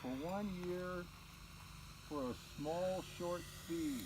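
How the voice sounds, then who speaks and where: A man's voice: high voice, steady tone, slow pace. A man flying a model plane outdoors at a lake, cheerfully calling out his own maneuvers in casual commentary, picked up by a camera mic. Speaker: RC plane pilot. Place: outdoors at a lakeshore. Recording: outdoor ambient noise at a lake.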